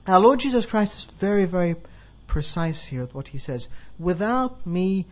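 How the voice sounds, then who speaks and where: Chatty self-deprecating bishop preaching. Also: male voice, high voice, big pitch swings, brisk. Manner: chatty, self-deprecating, laughs at own joke. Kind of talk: sermon with a joke. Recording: dull lo-fi recording.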